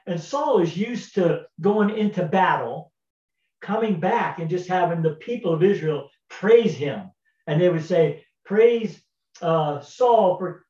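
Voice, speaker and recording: A man's voice: on the high side, a little mellow. Folksy man retelling Bible stories in an echoey room. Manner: folksy, repeats words, many fillers. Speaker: Bible teacher. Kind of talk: casual Bible storytelling. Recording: roomy, distant, dull sound.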